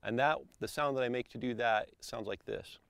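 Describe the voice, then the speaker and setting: A man calmly explaining elk calls step by step, as an instructor. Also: mid-range voice, normal speed, vocal fry, clear, resonant tone, no echo. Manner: calm, methodical, explains step by step.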